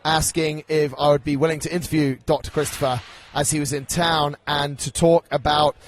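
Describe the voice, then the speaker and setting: A man's voice: on the high side, level tone, moderate pace, a little hiss or hum. A man hosting a podcast, upbeat and chatty as he introduces the show and interviews a guest. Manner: upbeat, chatty, reads sponsor plug. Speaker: podcast host.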